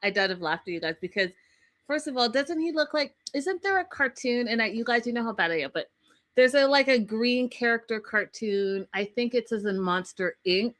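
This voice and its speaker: A chatty woman talks straight to her viewers as she recaps a reality show. Her voice is bright and sharp, and she laughs often. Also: on the high side, expressive, moderate pace. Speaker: podcast co-host. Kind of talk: casual TV recap chat.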